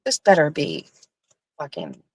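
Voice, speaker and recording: A woman's voice: low voice, huge pitch swings, a little slow, husky, no room sound, rough recording. A woman hosting her own show, telling a story in a casual, profane and exasperated rant. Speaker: show host. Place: outdoors, on her pool deck.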